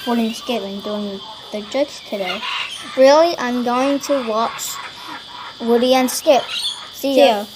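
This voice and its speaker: A man putting on the voice of an eager, chirpy little kid with excited chatter. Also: very high voice, unhurried, background noise, voice pushed up.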